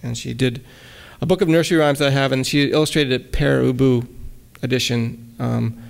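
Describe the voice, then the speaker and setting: A man giving a relaxed lecture at a college, hesitating often with ums and restarts and reading his own poems aloud. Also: medium pitch, normal speed, creaky. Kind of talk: casual lecture with poem readings.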